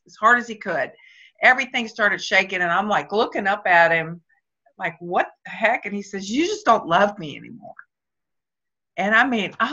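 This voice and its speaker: A woman telling an emotional personal story on a video call, close to tears and acting out the other voices. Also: medium pitch. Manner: emotional, about to cry, animated retelling. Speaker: company leader speaking on a video call. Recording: dull lo-fi video call audio.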